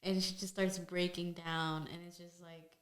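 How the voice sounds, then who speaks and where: Halting young woman in an echoey room. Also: on the low side, level tone. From United States. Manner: emotional, halting, heavy use of filler words. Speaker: podcast co-host. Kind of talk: casual chat.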